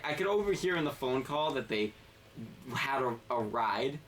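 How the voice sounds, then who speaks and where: A man's voice: mid-range voice, lively intonation, normal speed, a bit bright. A man telling a long anecdote in casual chat, rambling and profane, often cutting himself off mid-sentence. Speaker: game podcast co-host. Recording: distant mic with faint background noise.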